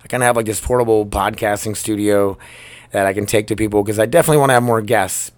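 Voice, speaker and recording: A man's voice: on the low side, quick pace, no echo. Casual rambling male podcast host. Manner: loose, rambling, profane, upbeat. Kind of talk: casual solo podcast chat. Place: storage room at work. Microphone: laptop microphone.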